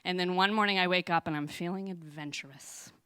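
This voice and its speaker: A woman's voice: on the low side, fairly quick, pushed and bright, smooth, no room sound. A woman telling a personal story live on stage, chatty and laughing often, with lots of fillers.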